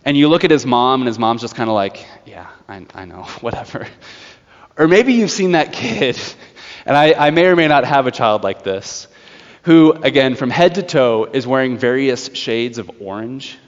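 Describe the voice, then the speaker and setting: A man delivers a sermon in a lively storytelling manner, slipping into quick voices for the people he describes. His voice rings out with a long reverb from a large hall. The recording has a slightly dull, muffled tone. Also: mid-range voice. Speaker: preacher.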